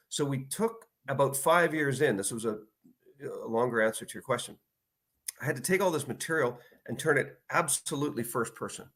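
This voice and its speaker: A man in his fifties, an author guest in a casual interview, telling stories and acting out quotes in lively bursts. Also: mid-range voice, fairly quick. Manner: animated storyteller, acts out quotes.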